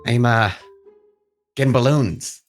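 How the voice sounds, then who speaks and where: A man's voice: medium pitch, slow pace, soft background music. A man playing a tabletop game, describing his character in a hesitant, playful way. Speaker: player. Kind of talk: tabletop role-play, casual.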